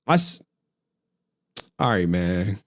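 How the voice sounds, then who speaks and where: A man live streaming and chatting loosely with his viewers, his pitch swinging high and low as he talks. He swears freely and grumbles about his chat, in a casual, rambling way. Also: sing-song, slow.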